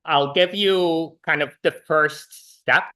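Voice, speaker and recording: In a lecture hall, a man teaches university programming in a relaxed, rambling way, peppering his speech with fillers like "uh" and frequently starting over. His voice is fairly high, smooth, and slow.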